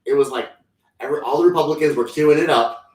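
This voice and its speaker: A man's voice: fairly high pitch, fast talker, a little mellow. A man co-hosting a casual comedic chat, rambling and slangy, often breaking into silly impressions. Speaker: podcast co-host. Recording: echoey room, mic at a distance.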